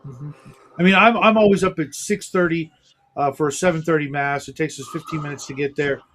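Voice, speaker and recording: A man's voice: on the high side, fairly quick, a bit bright, slight background noise. A man hosting a casual morning livestream chat, rambling and self-deprecating with lots of fillers. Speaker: livestream host.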